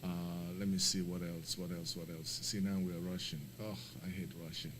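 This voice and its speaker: Over a noisy background, a man with a low-sitting voice talks at normal speed while live-streaming a flight simulator, casually chatting and talking himself through the setup. He's apologetic and rambling but animated, and he gets emphatic and laughs often when he rants.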